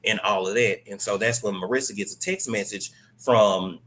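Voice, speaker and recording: A young man with a lowish voice talks through a TV episode in a loose, rambling way, filling gaps with "um" and "like." He jumps into quick bursts of the characters' lines as he retells the plot. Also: fairly even intonation, fairly bright tone. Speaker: host recapping a TV episode. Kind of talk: casual recap.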